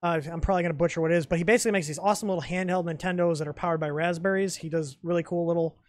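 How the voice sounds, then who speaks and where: A man's voice: a little high, steady tone, very fast, no echo. A young man co-hosting a casual live stream chat, blunt and opinionated, joking with his co-host.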